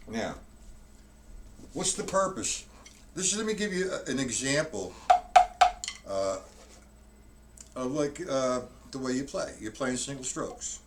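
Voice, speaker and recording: Expressive and unhurried, a male drum teacher with a mid-range voice pauses often while plainly explaining each step of a live-streamed lesson, frequently restarting sentences. Recorded from afar in a room with a drum kit, the clip carries heavy background noise from loud drumming.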